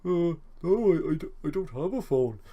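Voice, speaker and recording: A man's voice: a little high, expressive, normal speed, mellow, dull audio, voice pushed up. A young man voicing a stammering, evasive young male student who has been caught out.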